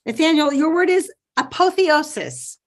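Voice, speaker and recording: A woman acting as spelling bee pronouncer, enunciating each word slowly and clearly over a video call. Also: sits high, animated. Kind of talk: reading words and sentences aloud.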